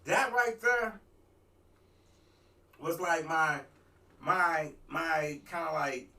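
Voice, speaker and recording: A man, a talk show host, telling a rambling, animated story in a casual talk-radio monologue. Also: fairly high pitch, normal speed, far from the mic. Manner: rambling, animated, restarts and asides.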